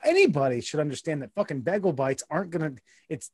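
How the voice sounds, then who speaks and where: Higher-voiced man on a crude podcast. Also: big pitch swings, fairly quick, darkish tone, breathy edge, no room sound, clean studio sound. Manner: crude, joking, reads news stories with asides. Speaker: podcast co-host. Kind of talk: casual comedic podcast chat.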